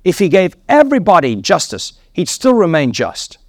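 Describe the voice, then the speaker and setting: A man's voice: high-pitched, wildly swooping pitch, moderate pace, a little mellow, no echo, clean studio sound. A man preaching a sermon, emphatic and repetitive, voice climbing sharply on key words.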